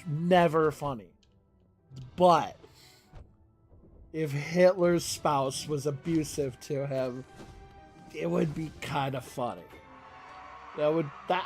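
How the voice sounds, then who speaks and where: A man's voice: on the high side, a little mellow. A young man streaming a game, chatting casually in a rambling, profane way and laughing often. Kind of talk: casual chat while gaming.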